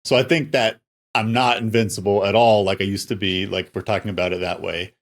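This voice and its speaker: A man in his forties co-hosting a podcast, speaking in a loose, halting casual chat. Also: fairly low pitch, flat delivery. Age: 40s. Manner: loose, halting delivery with fillers. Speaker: podcast co-host.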